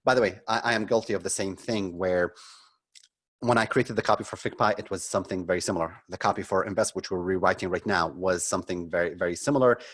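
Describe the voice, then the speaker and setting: A man's voice: deep voice, quick pace, a bit bright, husky. A middle-aged man leading a live webinar as a marketing consultant, critiquing frankly and conversationally, with many ums and restarts.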